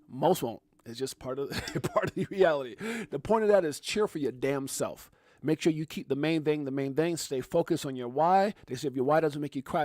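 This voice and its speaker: A man hosting a casual livestream, talking straight to his viewers in an animated, chatty way. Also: on the high side, no room sound, clean studio sound. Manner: animated, talks directly to viewers with shout-outs. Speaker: livestream host.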